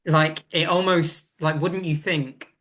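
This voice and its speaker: A man's voice: a little high, fairly even intonation, takes it slowly, pushed and bright. Welsh man in casual podcast chat. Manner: thinks aloud with frequent restarts and hedges. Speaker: guest co-host.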